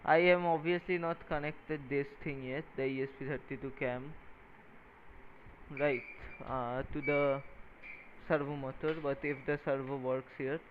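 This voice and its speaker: Tired guy muttering while he wires stuff up, slow talk, phone-ish sound with a bit of hiss. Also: mid-range voice, steady tone. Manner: mumbled, halting, counting pins aloud. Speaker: maker coding a microcontroller project. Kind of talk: casual talk-through while working. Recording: tinny phone-like sound with faint noise.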